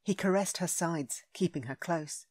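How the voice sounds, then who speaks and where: Low-voiced woman reading a romance. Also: unhurried, darkish tone, no echo, clean studio sound. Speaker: audiobook narrator. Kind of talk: scripted narration.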